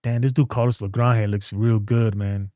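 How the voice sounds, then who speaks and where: A man's voice: on the low side, little pitch movement, moderate pace, warm tone, no room sound, studio quality. Slangy, rambling man talking sports. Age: adult with a son. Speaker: streamer. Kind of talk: casual sports talk.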